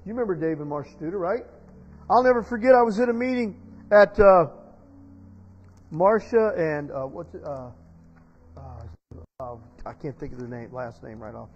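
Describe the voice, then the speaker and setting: Storytelling male pastor with a high voice; dull recording. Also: lively intonation, normal speed, long pauses, slightly rough. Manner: storytelling, rising to loud emotional preaching. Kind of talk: sermon. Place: church sanctuary. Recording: dull sound in a reverberant church hall.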